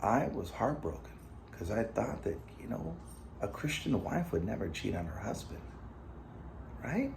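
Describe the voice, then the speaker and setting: A man's voice: fairly low pitch, sing-song, measured pace, gravelly, long pauses, darkish tone, slight background noise. A middle-aged man hosting his own vlog, telling a personal story in a loose, conversational way with many fillers and asides. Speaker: vlog host. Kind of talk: casual storytelling to camera.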